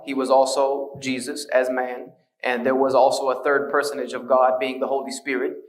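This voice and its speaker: A man's voice: medium pitch, echoey room, far from the mic, low-quality recording. A man giving a conversational lecture, telling his story with earnest storytelling and wry humor.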